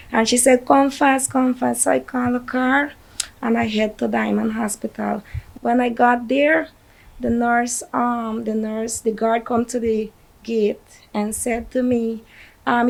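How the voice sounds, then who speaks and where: Distressed Guyanese mother, gravelly voice. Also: on the high side, a little mellow, low-quality recording. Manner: distressed, recounting events in rushed bursts. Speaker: grieving mother interviewed. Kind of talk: emotional news interview.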